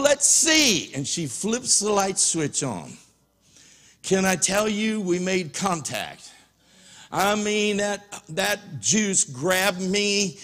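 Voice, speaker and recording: A preacher with a somewhat high voice tells a personal story in a sermon. He talks conversationally, checking in with the listeners as he goes. A long reverb trails behind him, as in a church sanctuary.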